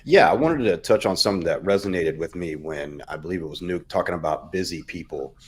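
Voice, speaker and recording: Very deep, husky-voiced man. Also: a little fast. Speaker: panel guest. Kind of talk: casual panel chat.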